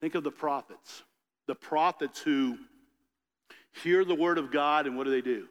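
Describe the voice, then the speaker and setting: A man preaching, moving from steady scripture reading into loose, chatty storytelling, dropping into quick voiced asides. His voice sits a bit high for a man. The sound hangs in a long, echoing hall. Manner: reads scripture then retells it in casual voices. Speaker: pastor.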